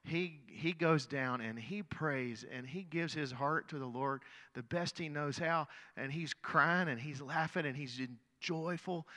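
A man's voice: a little high, bright, forceful tone, big-room sound. A middle-aged male pastor telling a story in a sermon, earnest, often repeating words as he goes.

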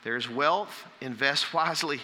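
A man's voice: on the high side, measured pace, sharp tone, long reverb tail. A man preaching a sermon as pastor, reading scripture aloud with rising emphasis.

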